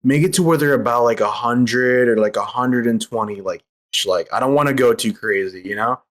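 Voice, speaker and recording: A man's voice: mid-range voice, brisk. Rambling young man, slangy podcast guest. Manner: rambling, heavy filler words, loose slangy storytelling. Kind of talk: casual podcast chat.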